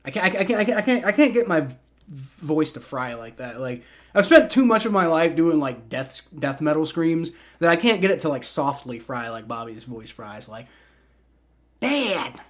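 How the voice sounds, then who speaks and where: Fairly high in pitch and animated, this twentysomething livestream host talks at an ordinary speed. His chat blends play-by-play with offhand reactions, full of fillers and words said twice.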